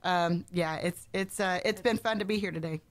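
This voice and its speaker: A woman's voice: fairly low pitch, moderate pace. A woman guest-hosting a local radio show, chatty and bubbly, joking about herself and laughing often. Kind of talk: casual radio chat.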